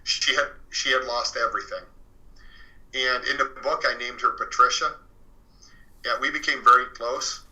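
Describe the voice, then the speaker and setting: A man's voice: mid-range voice, moderate pace, long pauses, bright, forceful tone, low-quality recording. A man recounting a true story as a radio guest, rambling casually with lots of "you know" and restarts. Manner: rambling, fills with "you know" and restarts, retells others' words. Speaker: guest author recounting a haunted house. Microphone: phoned or studio radio interview.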